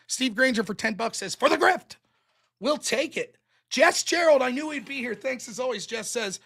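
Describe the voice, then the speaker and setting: High-voiced man reading donor messages. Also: bright, forceful tone. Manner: reads donor messages aloud with quick reactions. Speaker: show host reading Super Chats. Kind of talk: casual livestream chat.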